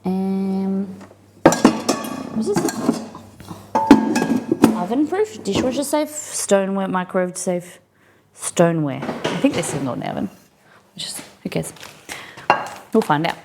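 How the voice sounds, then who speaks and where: A woman's voice: medium pitch, expressive, slow pace, pauses often, very noisy. An Australian woman streaming while she cooks, chatting casually and answering viewers' comments as she goes. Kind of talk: live-stream cooking chat.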